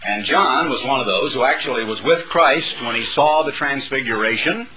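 A man's voice: mid-range voice, normal speed, a crowd in the background, low-quality recording. A middle-aged man preaching a sermon to a congregation, building dramatic, rhythmic lists of phrases. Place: church sanctuary before a congregation.

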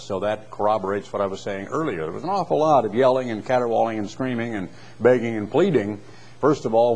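A man teaching through a Bible passage, reading verses aloud with rising emphasis and then explaining them in relaxed asides. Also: fairly low pitch.

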